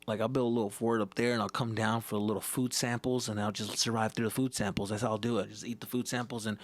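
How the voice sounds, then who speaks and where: A man, a comedian hosting his own podcast, tells profane, animated stories from his childhood and acts out the scenes as he goes. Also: on the low side, fast, no room sound. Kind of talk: profane comedic storytelling monologue.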